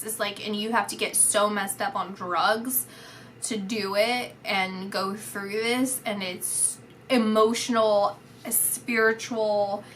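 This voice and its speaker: Slow, halting woman with a bright voice. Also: medium pitch, slight background noise. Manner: halting, restarts often with "like", pauses between phrases. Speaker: psychic reader. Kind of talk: intuitive reading, spoken to the camera.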